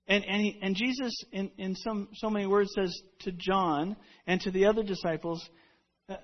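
Man, pastor, casual storytelling sermon, high pitch, muffled lo-fi audio. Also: fairly even intonation, moderate pace. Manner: conversational storytelling preaching with frequent restarts.

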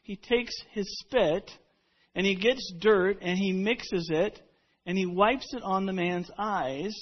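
A man's voice: high voice, slow pace, breathy edge, dull audio. A man preaching a sermon, telling stories in a conversational way with frequent restarts. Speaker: pastor.

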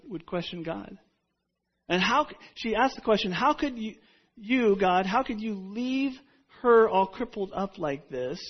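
A man's voice: high-pitched, lo-fi sound. A man preaching a sermon, telling stories in a conversational way with frequent restarts. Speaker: pastor.

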